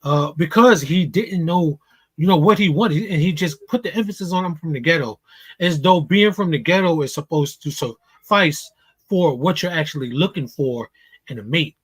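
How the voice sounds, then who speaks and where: A man's voice: on the high side, normal speed, a bit bright, slightly rough, no echo. A man hosting a live reaction stream, giving chatty opinions and repeating questions for emphasis. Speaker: reaction channel host. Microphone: streaming desk mic.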